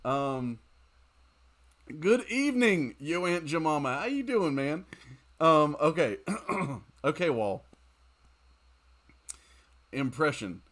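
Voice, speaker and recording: A tired young man chatting casually while streaming a game late at night, rambling, giggling and reacting loudly to the game. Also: a little high, big pitch swings, takes it slowly, long pauses.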